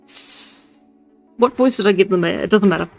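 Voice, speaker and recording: A woman's voice: mid-range voice, moderate pace, gravelly, no echo, faint music behind. A woman reading a Victorian novella aloud on a live stream, chatting and laughing with her viewers between passages. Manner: laughs easily, chatty asides to chat.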